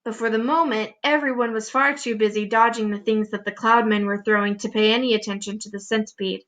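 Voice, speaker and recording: Bright-voiced woman reading a children's book aloud. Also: on the high side, fairly quick. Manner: expressive, clear storytelling. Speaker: teacher.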